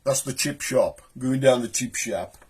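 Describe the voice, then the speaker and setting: A man's voice: mid-range voice, a little slow, a little mellow, slightly rough. A middle-aged man with a Black Country accent hosting a casual vlog, joking and rambling as he explains local slang. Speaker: host.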